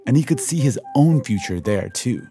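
A man co-hosting a podcast, reading scripted narration in a measured, explanatory way. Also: mid-range voice, animated, dark tone. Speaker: podcast co-host. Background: music.

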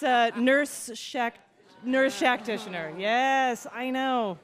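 Woman, quiz show host, higher voice, playful, laughs at her own puns. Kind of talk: upbeat game show hosting.

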